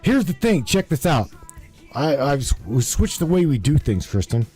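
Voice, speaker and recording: A man hosting a call-in show, chatting casually, slangy and quick to laugh. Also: a little high, very animated, mellow, breathy edge, soft background music. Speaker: show host.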